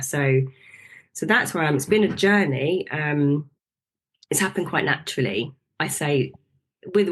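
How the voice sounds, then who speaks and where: A middle-aged woman, a nutritional therapist, talks through her path as a podcast guest in a reflective, practical way, with many fillers and restarts. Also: sits low. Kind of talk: podcast interview.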